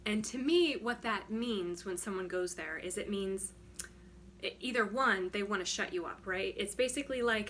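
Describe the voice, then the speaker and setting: A frank, emphatic woman with a bright, forward voice, talking casually to the camera as a wellness coach. She keeps checking in with "right?", and a faint hum sits under the recording. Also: medium pitch, moderate pace. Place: home studio.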